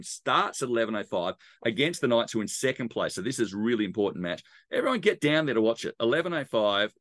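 A man's voice: fairly low pitch, a bit bright, dry recording, studio quality. A man with an Australian accent co-hosting a casual sports podcast, rambling and joking through a match recap. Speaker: podcast co-host.

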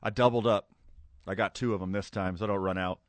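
A man's voice: fairly low pitch, steady tone, fast talker, no room sound. A man hosting a sports radio show, joking and bantering with his co-host. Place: radio studio. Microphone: studio microphone.

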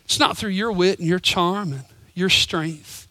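A male pastor preaching a sermon, telling stories and swinging from loud emphasis to hushed whispers. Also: high voice, a little slow, dry recording. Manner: storytelling with voices.

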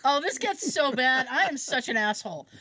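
A woman's voice: high-pitched, animated, normal speed, pushed and bright, dry recording. A woman podcast host chatting casually, acting out other people's lines while telling a story, poking fun at herself and swearing. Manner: self-mocking, swears casually. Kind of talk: casual chat.

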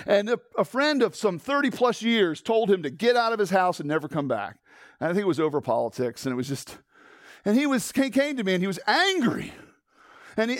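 A male pastor preaches with a high, lively voice that swoops up and down. He restarts his phrases and repeats words, and he puts questions straight to his listeners. The recording is close and dry, with no room sound. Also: no room sound. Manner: rhetorical questions to the congregation. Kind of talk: sermon.

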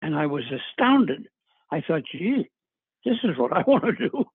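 An older man speaks in a somewhat husky, fairly high voice, spinning long anecdotes with lots of uhs and small laughs. The sound is thin and tinny, as over a telephone line, and very dry. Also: big pitch swings, normal speed, no echo. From New England. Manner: rambling anecdotes with chuckles and filler words. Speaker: guest actor. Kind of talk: casual interview storytelling.

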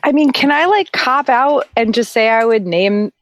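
A woman's voice: fairly high pitch, normal speed. A woman on a fan podcast panel, talking in a rambling way with lots of restarts. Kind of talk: casual livestream chat.

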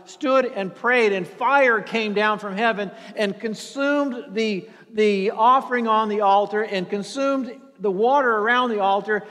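A man preaching a sermon in an earnest, halting way, often repeating words and sinking to a near whisper for emphasis. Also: high voice, a bit bright, in a large hall.

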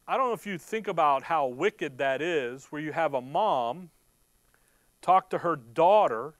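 A man's voice: high-pitched, clear, resonant tone, no echo. A man preaching a sermon who reads scripture verse by verse and stops to explain it. He asks rhetorical questions, answers them himself, and restarts words when stirred.

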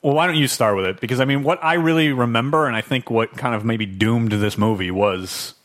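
A man's voice: medium pitch, fairly quick, fairly bright tone. A man in a casual movie discussion, laid-back and agreeable.

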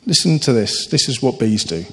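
A man preaching a sermon, earnest and animated, telling stories with sudden lifts in his voice. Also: mid-range voice, moderate pace. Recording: long hall reverb.

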